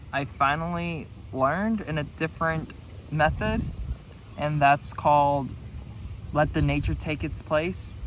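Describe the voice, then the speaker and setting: A man's voice: fairly high pitch, fairly bright tone, slight background noise, low-quality recording. A young man from New Mexico with an American accent, telling a personal story in a rambling, self-correcting way. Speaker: vlogger. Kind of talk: casual talk to camera.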